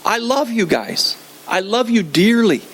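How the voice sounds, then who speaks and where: A man's voice: high voice, sing-song, a little slow, fairly bright tone, slightly rough. An older man preaching a sermon in a church, conversational and joking, often repeating his phrases. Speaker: pastor.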